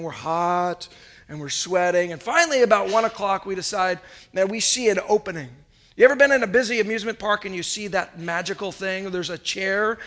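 A pastor in his thirties preaching to his congregation with a high, bright, ringing voice. He tells stories with a lot of energy, swinging from hushed asides to loud, punchy lines. He keeps asking the people in the room to repeat his words back to him. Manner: animated, storytelling, swings between loud and soft; calls on the congregation to repeat phrases. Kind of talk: sermon.

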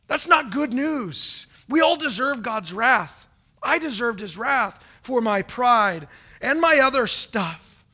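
A male pastor preaching from a stage, his voice pitched high and ringing bright. He delivers the sermon with animated swings, from loud calls to hushed, near-whispered asides, and acts out the voices of churchgoers. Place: stage before a congregation.

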